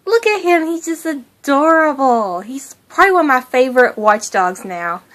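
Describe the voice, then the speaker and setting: A woman's voice: high voice, sing-song, normal speed, a bit bright. A young woman hosting her own fan channel, chatting casually about a cartoon in a gushing, giggly way.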